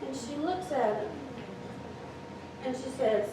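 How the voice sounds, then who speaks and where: A woman telling a story live on stage, with an animated, dramatic delivery. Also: sits high, takes it slowly, pauses often. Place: event hall with audience. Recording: echoey hall, distant mic, noisy.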